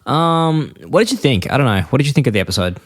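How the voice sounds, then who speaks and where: Man, podcast co-host, casual chat, rambling, mid pitch, dead-dry sound. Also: lively intonation, quick pace, dry recording. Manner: rambling, acts out characters' lines in a high voice.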